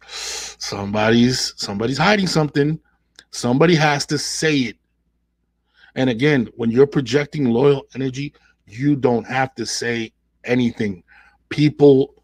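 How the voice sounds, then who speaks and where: A man hosts his own podcast alone, talking in an animated way and slipping into mimicking voices for the people he describes. His voice is husky and sits at an ordinary middle pitch. The sound is dry and close, with no room around it. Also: no echo. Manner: animated, mimics women in quoted asides. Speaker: podcast host. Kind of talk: solo podcast monologue.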